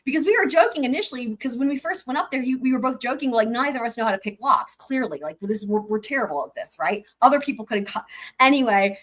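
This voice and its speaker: A woman's voice: on the high side, a bit bright. A woman hosting a casual livestream, chatting to her viewers as she tells a story, swearing freely and reading out chat comments. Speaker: livestream host.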